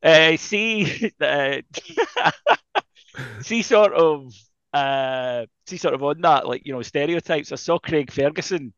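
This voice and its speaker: A man's voice: fairly high pitch, slow pace, a bit bright, no echo. A man co-hosting a casual chat, telling rambling stories with plenty of swearing. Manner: profane, rambling storyteller. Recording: dull lo-fi sound.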